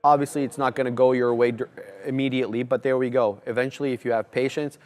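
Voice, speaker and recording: A man with a mid-range voice co-hosts a live trading broadcast. He explains his trades and chart setups in a steady, matter-of-fact way. His pace is even and unhurried. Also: medium pitch. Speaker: trading show co-host.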